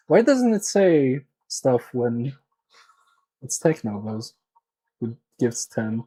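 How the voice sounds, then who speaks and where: A man's voice: medium pitch, very animated, slow, mellow, breathy edge. A man hosting a live electronics repair stream, joking and muttering to himself as he works. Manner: joking, self-mocking, muttering while working on the repair. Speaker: livestream electronics repair host. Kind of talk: casual live-stream chat while working.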